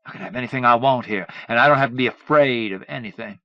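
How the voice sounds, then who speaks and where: A man voicing an unstable, spoiled young man who erupts into petulant shouting. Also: mid-range voice, quick pace, no echo, muffled recording, lightly acted. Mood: boastful.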